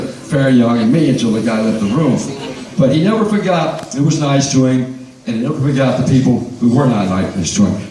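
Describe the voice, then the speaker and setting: An older man with a drawl spins long, rambling anecdotes to a crowd, stopping often to clear his throat. His voice sits at an ordinary pitch and comes from far off in a big, echoing hall. Faint noise hums underneath. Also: warm tone. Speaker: guest storyteller at a fan reunion. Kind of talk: anecdotal storytelling to a live audience.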